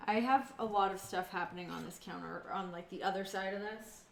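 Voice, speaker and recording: A woman's voice: mid-range voice, steady tone, fairly quick, vocal fry, slight background noise. A woman streamer chatting casually with viewers while cooking in her home kitchen, answering chat and swearing freely.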